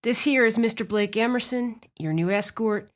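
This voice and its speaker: A woman's voice: on the high side, normal speed, voice pushed up, close to an everyday voice. A woman voicing an easygoing, plain-spoken middle-aged male police officer.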